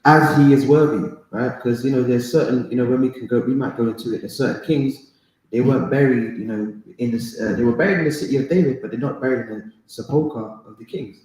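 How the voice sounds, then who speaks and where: A man leads a relaxed Bible study, pressing his points with conversational emphasis. His voice sits in a middle range and rings out in a very echoey room. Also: mid-range voice, fast talker. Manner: emphatic, conversational, says "man" and "right?" often. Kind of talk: casual Bible study teaching.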